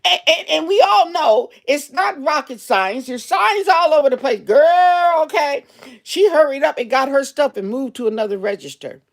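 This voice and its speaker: Chatty and animated, a cashier speaks straight to her audience while telling a story in her casual vlog. She talks at a moderate pace in a high-pitched, creaky voice.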